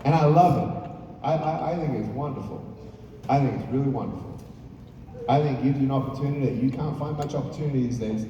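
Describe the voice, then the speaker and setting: A man's voice: mid-range voice, quick pace, warm tone, muffled recording, slight background noise. A man giving a motivational stage speech to a live audience, talking emphatically, repeating points and rallying the crowd. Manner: emphatic, repetitive, rallies the audience. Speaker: motivational speaker. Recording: echoey hall, distant mic, crowd.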